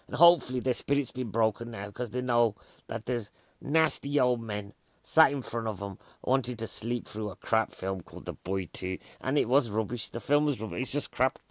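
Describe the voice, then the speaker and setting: A man's voice: mid-range voice, moderate pace, no echo. British comedian guy ranting, sarcastic and fed up, dull dry lo-fi sound. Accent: British English. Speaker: stand-up comedian. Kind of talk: casual comedic monologue.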